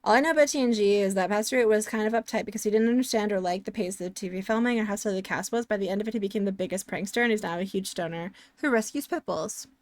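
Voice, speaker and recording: A woman's voice: mid-range voice, very fast, hardly any pauses, no room sound. A woman streamer chatting casually while playing a game, rambling and sarcastic as she answers chat.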